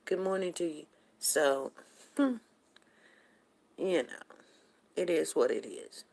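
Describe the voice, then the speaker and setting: A woman hosts a casual livestream, rambling from one thought to the next and talking straight to her viewers. Her voice sits on the low side, husky and breathy, with a gravelly fry at the ends of phrases. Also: expressive, slow pace, a little mellow. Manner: greets viewers from the chat by name. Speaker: livestream host.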